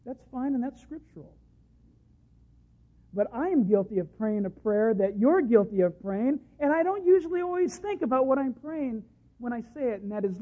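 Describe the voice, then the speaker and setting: Pastor guy preaching hard, pretty high pitched, sounds like it's over a phone. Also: animated, a little fast, phone-quality sound. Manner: impassioned preaching, acts out quoted voices. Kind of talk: sermon. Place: church service.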